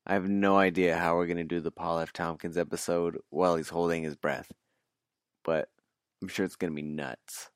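A podcast producer with a deep, smooth voice signs off the episode with dry, teasing remarks. The recording is close and dry. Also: male voice, level tone, moderate pace, no echo. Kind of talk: casual outro address.

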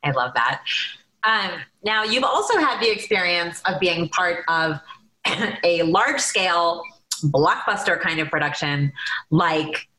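A woman's voice: lowish voice, animated, unhurried, pushed and bright. A woman co-hosting a podcast, asking an interview question with an enthusiastic, careful delivery. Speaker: podcast co-host. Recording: roomy echo.

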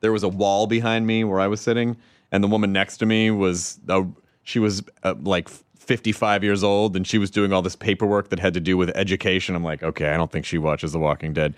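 A man's voice: fairly low pitch, level tone, a little fast, clear, resonant tone, no echo. A man from the American South hosting a talk show, chatting playfully and teasing his guests. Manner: playful, teasing, laughs often. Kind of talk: casual chat.

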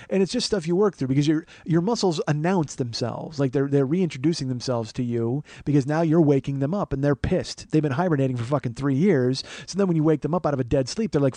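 A man talking very fast and loose, his stories rambling and full of swearing and self-mockery. The sound is close and dry with no room around it. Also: mid-range voice, warm tone, no room sound. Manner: rambling, profane, self-mocking. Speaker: podcast host. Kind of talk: casual comedic storytelling.

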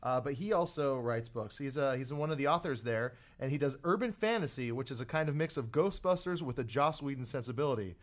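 A man's voice: mid-range voice, expressive. Rambling young man co-hosting a podcast. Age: 20s. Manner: rambling, fills pauses with uh and um. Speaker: podcast co-host. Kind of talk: casual podcast chat.

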